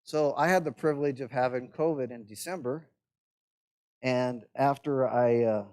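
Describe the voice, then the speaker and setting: Man, pastor, lecturing, conversational, wry asides, mid-pitched voice. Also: normal speed, a little mellow. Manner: conversational, checks in with "right?". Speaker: pastor teaching church administration. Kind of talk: classroom lecture.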